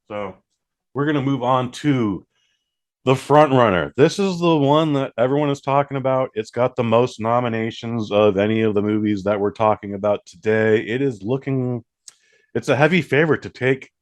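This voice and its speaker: A man's voice: mid-range voice, no room sound. Casual man co-hosting a movie podcast. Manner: relaxed, swears casually, acts out quoted reactions. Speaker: podcast co-host. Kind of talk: casual movie review chat.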